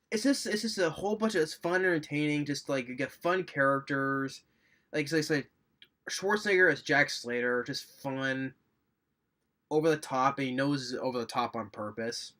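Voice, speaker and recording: A man's voice: medium pitch, pushed and bright. A man giving a casual, rambling movie review, recapping scenes with enthusiasm and little chuckles.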